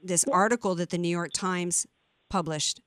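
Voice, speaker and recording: A woman's voice: on the low side, steady tone, normal speed, a bit bright, no room sound, studio quality. A woman hosting a political talk radio show, talking in a fired-up, emphatic way with many restarts.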